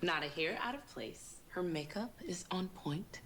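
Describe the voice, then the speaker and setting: A stern schoolteacher. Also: female voice, lowish voice, lively intonation, measured pace, a bit bright, a little hiss or hum. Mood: storytelling. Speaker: actor in a scripted web drama.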